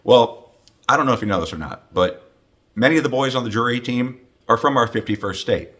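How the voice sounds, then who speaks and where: A man's voice: mid-range voice, expressive, fast talker, bright, forceful tone. A man in his fifties chatting to camera in a joking vlog, teasing and playful, with plenty of fillers and asides. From United States. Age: 50s. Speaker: hockey announcer making a greeting video.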